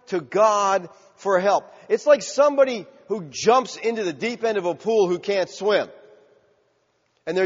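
High-voiced man preaching in a reverberant hall. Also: expressive, normal speed. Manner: preaching, rising to loud shouted cries; asks the congregation questions. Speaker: pastor. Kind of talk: sermon. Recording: dull sound with long hall reverb.

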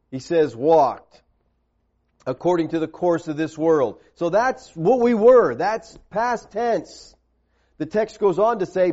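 A man preaching an expository Bible teaching sermon, stressing key words and slowing on quoted verses. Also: on the high side, a little mellow. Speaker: pastor. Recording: dull lo-fi sermon recording.

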